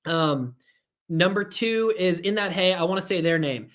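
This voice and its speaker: A man's voice: sits high, expressive, normal speed, fairly bright tone. A man leading a live online sales training. He speaks energetically, repeats his key points and talks to viewers in the chat.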